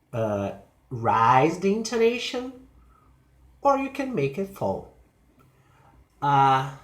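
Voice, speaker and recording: Male language teacher, slow and measured, lively pitch, roomy room sound. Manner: deliberate, with frequent pauses and fillers. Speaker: English pronunciation teacher. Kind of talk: slow explanatory lesson.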